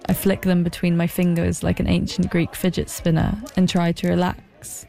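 A woman's voice: on the low side, completely flat delivery, normal speed, gravelly, dark tone. A young woman narrating a personal documentary in a wry, self-deprecating way.

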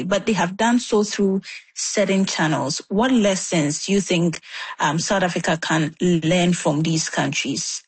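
Husky woman asking probing questions. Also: lowish voice, dry recording. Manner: probing, conversational. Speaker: news interviewer. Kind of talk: interview question.

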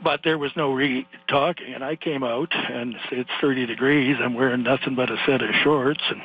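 An older Canadian man phones in to a radio show, spinning a long rambling story with animated bursts. His voice is husky. It comes through a muffled phone line. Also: mid-range voice, normal speed, soft background music. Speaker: caller.

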